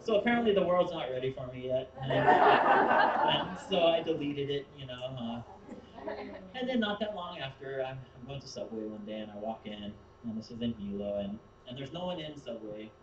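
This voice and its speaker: A man's voice: medium pitch, lively intonation, moderate pace, lo-fi sound, very noisy. A man telling a rambling stand-up story who often laughs at his own jokes, recorded from a distance in an echoey room. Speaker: stand-up comedian. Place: comedy show venue.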